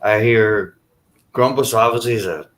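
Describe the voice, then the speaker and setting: A man's voice: fairly low pitch, unhurried. A man from Ireland with an Irish accent, chatting casually with friends and filling his talk with "you know". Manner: rambling, many "you know" fillers. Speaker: chat participant. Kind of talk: casual group chat.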